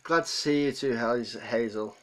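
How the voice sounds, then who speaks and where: A man on a live stream, near tears, rambles and responds to viewer comments in an emotional chat. His voice is medium-pitched at normal speed, and the audio is poor.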